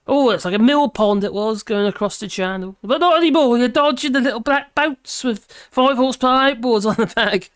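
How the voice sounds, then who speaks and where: A woman's voice: on the high side, brisk, few pauses, clear, resonant tone, no room sound, studio quality. A tired woman, rambling and grumbling in casual chat while reading out comments on her live stream.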